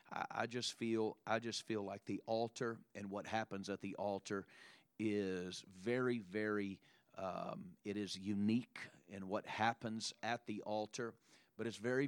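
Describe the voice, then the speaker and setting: A man's voice: on the low side, no room sound. A man preaching a sermon who punctuates his points with "amen" and "praise the Lord," often repeating and restarting words. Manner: frequent restarts and filler "uh".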